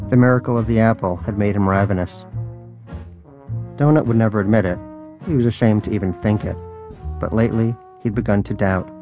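Dry-humored man narrating a story, low voice. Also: fairly even intonation, a little fast, long pauses, warm tone, faint music behind. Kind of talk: audiobook narration.

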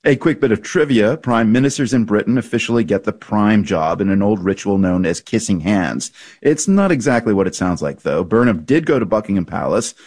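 A male news correspondent reading a scripted report in a measured, lightly wry way. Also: lowish voice, animated, a little mellow, no echo, clean studio sound.

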